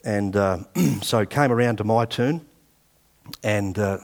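A man in his sixties, Australian-accented, delivers a sermon in a lowish, creaky voice at a slightly slow pace. He shares personal anecdotes in a chatty way and re-enacts past exchanges.

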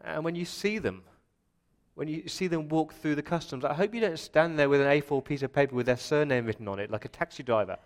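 Impassioned Australian pastor preaching. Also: male voice, on the high side, fairly quick. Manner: builds from quiet reflection to loud impassioned pleading. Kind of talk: sermon. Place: church.

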